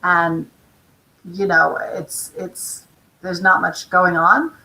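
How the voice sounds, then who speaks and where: Woman talk show host, chatty, long rambling explanations, low-pitched, bright tense tone. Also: level tone, slow pace, low-quality recording. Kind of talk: casual interview chat.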